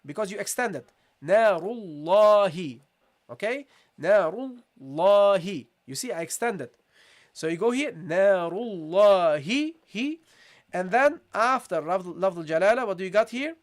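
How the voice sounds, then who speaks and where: Patient man teaching recitation, drawn-out syllables. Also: sits high, big pitch swings, a bit bright. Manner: explains step by step, drawing out syllables slowly as models; often says "okay" and addresses listeners as "guys". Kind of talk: tajweed lesson.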